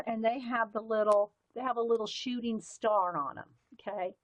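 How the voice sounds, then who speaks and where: A woman with a fairly high voice and a light Southern US accent hosts a casual art livestream at normal speed, chatting as she demonstrates pens and markers. She rambles and gets sidetracked easily.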